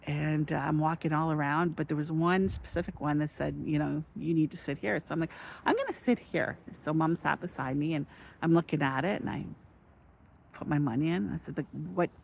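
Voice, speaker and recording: A woman vlogging casually, telling a story with animated, excited bursts and then slowing into reflective spiritual musing. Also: low voice, vocal fry, slight background noise.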